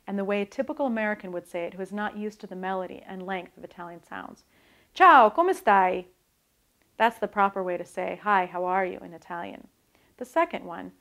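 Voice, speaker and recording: A woman, an author, giving a calm, scripted talk on learning languages and demonstrating pronunciation. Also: medium pitch.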